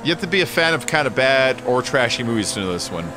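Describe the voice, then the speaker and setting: A man's voice: medium pitch, big pitch swings, fast, background noise. A man streaming a racing game and chatting casually with viewers, rambling through stories and laughing often. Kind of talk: casual live-stream chat.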